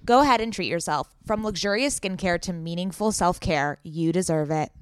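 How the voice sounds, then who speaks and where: A woman's voice: on the low side, normal speed. A young woman co-hosting a podcast in casual chat, playful and teasing, full of enthusiasm. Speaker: podcast co-host.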